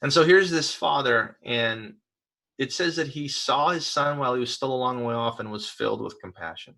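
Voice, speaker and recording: A man pastor giving a conversational sermon, telling personal stories in a relaxed, hesitant way with many fillers and restarts. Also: mid-range voice, normal speed, vocal fry, rough recording.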